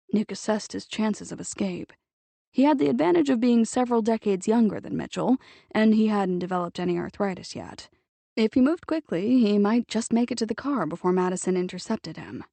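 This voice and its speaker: A woman reading a novel aloud as audiobook narrator in a measured, even storytelling manner on a close mic. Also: medium pitch, creaky, dry recording. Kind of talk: scripted narration.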